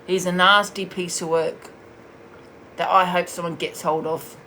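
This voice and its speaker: A woman's voice: fairly low pitch, fairly even intonation, measured pace, noisy background. A woman streaming live, bluntly and scornfully ranting while she answers viewers' comments. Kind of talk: heated live-stream rant.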